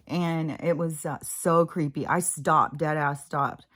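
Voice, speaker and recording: Low-voiced woman telling a candid story. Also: steady tone, unhurried, few pauses, fairly bright tone, slightly rough. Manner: candid, profane, exasperated storytelling. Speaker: spiritual vlogger. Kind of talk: casual storytelling monologue.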